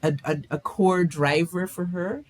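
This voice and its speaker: A woman's voice: lowish voice, a little slow, crowd noise. Reflective woman author answering questions. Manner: reflective, searching for words. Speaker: author guest. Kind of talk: interview answers.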